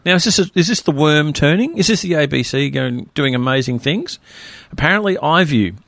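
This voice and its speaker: Quick, chatty Australian male radio host, dry studio mic. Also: a little high, expressive, vocal fry, fairly bright tone, dry recording. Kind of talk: casual radio panel chat.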